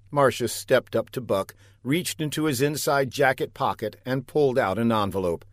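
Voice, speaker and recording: A man narrating a comic story with a deadpan, pun-heavy delivery. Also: medium pitch, normal speed, hardly any pauses, dry recording, studio quality.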